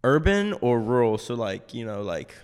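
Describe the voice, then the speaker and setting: A man with a Midwestern accent, hosting a podcast and asking relaxed, hesitant questions. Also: mid-range voice, moderate pace, clear, resonant tone. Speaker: podcast host. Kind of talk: casual interview chat. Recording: long hall reverb.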